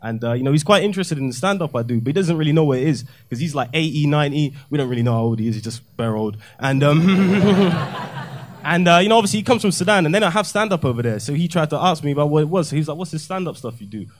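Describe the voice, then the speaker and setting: A young man, his speaking voice set notably high, delivers a stand-up set in a comedy club. He is deadpan and self-mocking and uses plenty of street slang. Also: fast talker. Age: young adult.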